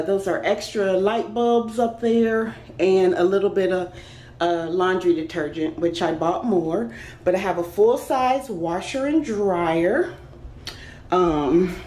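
A woman's voice: mid-range voice, dark tone. Chatty woman touring her apartment. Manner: chatty, enthusiastic, talks straight to viewers. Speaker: vlogger. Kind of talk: casual apartment tour vlog. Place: indoors in an apartment, walking room to room.

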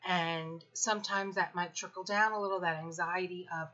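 50s mom venting, bright sharp voice, blunt and sweary, kinda muffled lo-fi audio. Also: female voice, fairly low pitch, steady tone, normal speed. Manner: blunt, profane, sarcastic storytelling. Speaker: parenting vlogger. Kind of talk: candid personal venting.

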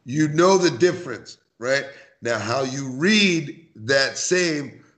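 A man from New York City, a podcast guest, talking in an animated, barky way and acting out quoted lines. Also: medium pitch, takes it slowly, a little hiss or hum. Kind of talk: casual podcast conversation.

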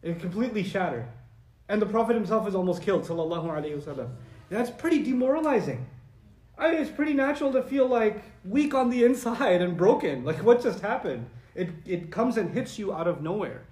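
A man preaching a lecture-style sermon in a conversational, animated way, sometimes reciting Arabic. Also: sits high, a little fast, echoey room. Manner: animated and conversational, acting out quoted voices; recites Arabic verses and sources. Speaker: Islamic preacher.

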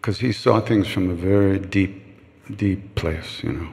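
A man's voice: deep voice, measured pace, vocal fry, a little mellow. An older man telling frank, joking stories to a live audience, acting out other people's voices as he goes. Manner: anecdotal, frank and joking, acts out quoted voices. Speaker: chant leader answering questions. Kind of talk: casual storytelling talk. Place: retreat hall with a live audience. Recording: long reverb of a large room.

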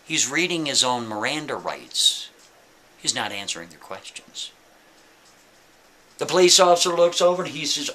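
A man telling a story in a casual, chatty way, with animated asides. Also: mid-range voice, normal speed, long pauses.

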